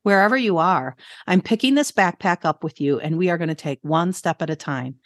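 A woman's voice: fairly low pitch, fairly quick, no room sound, studio quality. A middle-aged woman, an educator and podcast co-host, tells a family story in a casual, earnest way and repeats her key phrases for emphasis.

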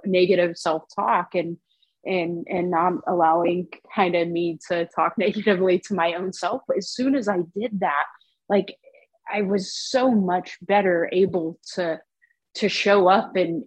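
A woman guest in a conversation, speaking reflectively and haltingly with many repeated words. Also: on the low side, husky, no echo, rough recording. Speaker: interview guest. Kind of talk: casual conversational interview.

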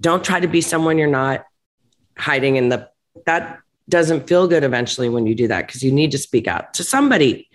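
Woman guest, restaurant owner: frank, emphatic, quick to get heated. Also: very deep voice, lively intonation. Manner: blunt, emphatic, gets heated and laughs it off. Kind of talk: candid conversational interview.

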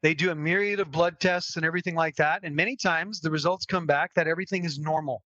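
A man's voice: on the high side, steady tone, fast talker, sharp tone, dry recording, highs cut off. A man speaking as a health strategist guest on a podcast, emphatic and persuasive. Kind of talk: podcast interview talk.

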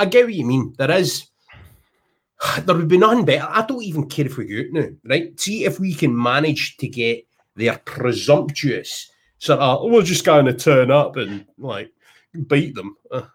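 Scottish man in his thirties, husky podcast host, loose jokey storyteller. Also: medium pitch, fairly bright tone. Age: 30s. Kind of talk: casual podcast chat.

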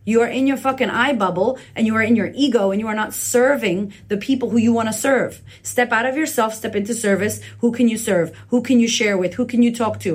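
A woman's voice: fairly high pitch, fairly quick, few pauses. A woman podcast host giving a blunt, profane motivational talk, recorded indoors on a phone leaning on a laptop. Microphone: phone camera leaning on a laptop.

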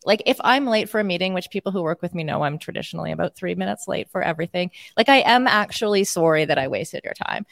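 A Canadian woman in her forties talks casually as a guest, her voice set a little low. She is animated and laughs often, leaning on fillers. The sound is close and dry. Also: fast talker, vocal fry, hardly any pauses, no echo. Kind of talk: casual interview chat.

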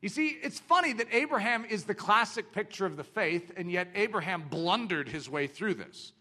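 A man's voice: sits high, moderate pace. A man preaching a sermon, asking the congregation rhetorical questions and acting out the voices in the story. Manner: animated, acts out quoted voices, rhetorical questions.

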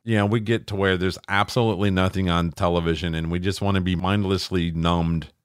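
A man's voice: deep voice, fairly even intonation, brisk, clean tone, dry recording, studio quality. A middle-aged man co-hosting a podcast, swearing freely as he rants and mimics people in casual chat. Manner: profane, ranting, acts out quoted voices. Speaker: podcast co-host.

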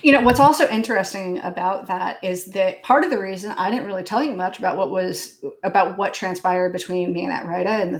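A woman co-hosting a podcast, speaking in a reflective, musing way about family memories. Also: medium pitch. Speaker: podcast co-host. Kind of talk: casual conversation.

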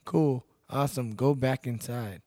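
A man's voice: mid-range voice, a little slow, mellow, no room sound, clean studio sound. Blunt, laid-back man from Texas. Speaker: podcast guest, bouncer and MMA fighter. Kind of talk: casual storytelling chat.

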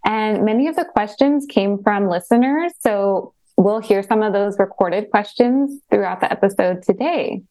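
Friendly podcast co-host woman, middle voice, measured kinda scripted talk. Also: mid-range voice, mellow. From Portland, Oregon. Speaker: co-host asking questions. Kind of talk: casual podcast conversation.

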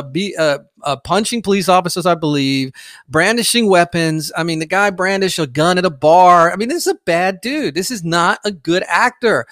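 A man's voice: high-pitched, fairly bright tone, dry recording. A man hosting a political podcast, talking in a blunt, emphatic, conversational monologue into a close mic. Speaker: podcast host.

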